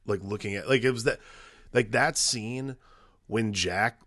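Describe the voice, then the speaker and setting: A middle-aged man co-hosting a casual movie podcast, talking in halting, rambling bursts. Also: on the low side, a bit bright, no room sound, clean studio sound. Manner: rambling, halting, frank about parenting. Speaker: podcast co-host.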